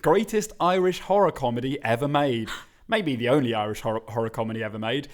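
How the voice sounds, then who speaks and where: A man's voice: mid-range voice, fairly quick. A man co-hosting a podcast in casual chat, reading out listener emails with frequent laughs. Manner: chatty, giggly, reads emails aloud. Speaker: podcast co-host.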